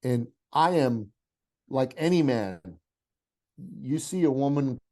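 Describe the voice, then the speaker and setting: Mellow-voiced man telling a heartfelt story. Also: mid-range voice, slow. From Iran. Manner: animated, heartfelt storyteller with conversational asides. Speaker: podcast guest, business coach. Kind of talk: casual storytelling interview.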